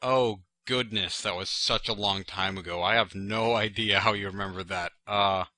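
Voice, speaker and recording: Answering questions from viewers, a channel host with a lowish, sharp voice talks at normal speed in a steady tone. The chat wanders casually, stuffed with "like," "you know," and self-deprecating humor.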